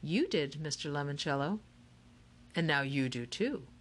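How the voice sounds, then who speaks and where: A woman's voice: low voice, animated, unhurried. A woman voicing a clever, easygoing teenage boy who talks in a casual, matter-of-fact way.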